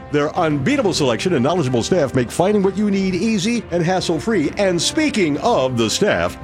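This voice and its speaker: Hyped male radio ad announcer. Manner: hyped, building salesman pitch. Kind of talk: scripted radio ad read.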